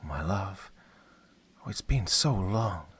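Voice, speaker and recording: A man voicing a wife in a spoken story, raising his voice into a soft, sweet tone. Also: medium pitch, animated, normal speed, pitched above the performer's own voice, close to an everyday voice. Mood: sweet, bitter. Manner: soft and sweet turning accusing.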